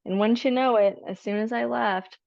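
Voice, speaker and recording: A woman's voice: on the high side, steady tone, normal speed, creaky, a little mellow, no echo. Frank woman guest, dry lo-fi sound. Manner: frank and emphatic. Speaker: podcast guest. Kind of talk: casual interview chat.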